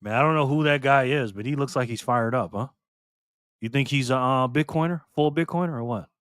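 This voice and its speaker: A man's voice: mid-range voice, a little fast, fairly bright tone, smooth. A man hosting a casual live stream, chatting loosely with viewers and laughing easily. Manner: laid-back, chatty, laughs often, greets viewers.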